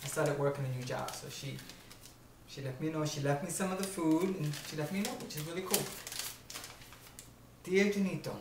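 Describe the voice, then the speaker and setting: A man talking casually to the camera at home, hesitant and halting. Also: fairly high pitch, steady tone, reverberant, far from the mic, noisy background. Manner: hesitant, lots of ums and uhs. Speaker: helper on a cooking show.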